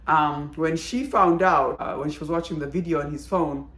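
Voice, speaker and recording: A woman's voice: deep voice, normal speed. Chatty woman in an echoey room. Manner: chatty, animated, exclaiming. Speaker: drama reviewer. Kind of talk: casual video review.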